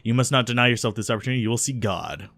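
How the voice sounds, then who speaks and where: A man reading out the lines of a friendly male shopkeeper pitching coffee in a game, in a plain read-aloud voice. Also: rapid-fire, a bit bright, no echo, lightly acted. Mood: salesy.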